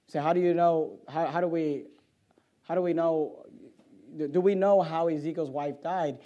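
A man preaching an evening sermon, reading old-fashioned scripture aloud, swinging between quiet, low stretches and loud, fervent exhortation, and often repeating words as he thinks aloud. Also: a little fast.

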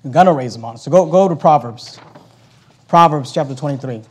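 A middle-aged man preaching a sermon as pastor, telling a story with lively, animated delivery that swings between loud and hushed. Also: a little high, fairly quick, breathy edge.

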